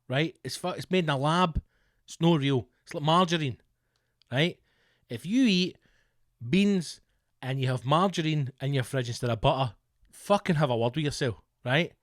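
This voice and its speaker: A man's voice: mid-range voice, no echo, studio quality. A Scottish man hosting a solo comedy podcast, ranting with constant swearing and exasperated rhetorical questions. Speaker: podcast host.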